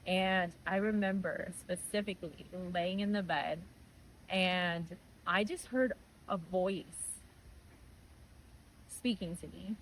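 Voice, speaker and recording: A woman's voice: lowish voice, slow pace, slight background noise, low-quality recording. Earnest young woman sharing testimony. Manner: earnest, animated retelling with voiced quotes. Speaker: guest giving testimony. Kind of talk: personal testimony, conversational.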